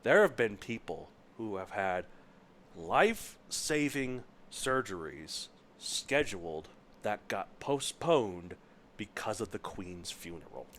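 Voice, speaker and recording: Lively-pitched man hosting a casual podcast. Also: takes it slowly, slight background noise. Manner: joking, rambling, laughs often, tries on accents. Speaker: podcast host. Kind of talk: casual chat.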